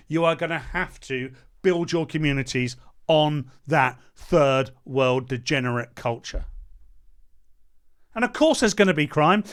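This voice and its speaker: A man delivers a heated commentary in a high voice. He reads a point aloud, then tears into it with sarcasm and blunt insults. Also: fairly bright tone. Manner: sarcastic, mocking, hurls insults. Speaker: political commentator. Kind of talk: ranting commentary.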